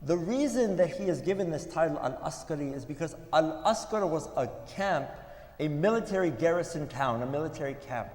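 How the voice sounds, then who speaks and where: A man giving a sermon at a religious gathering, telling stories in an earnest way with pauses. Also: fairly high pitch, lively intonation, darkish tone. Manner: earnest, storytelling with pauses, some restarts. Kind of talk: sermon storytelling. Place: mosque hall. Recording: echoey hall with long reverb.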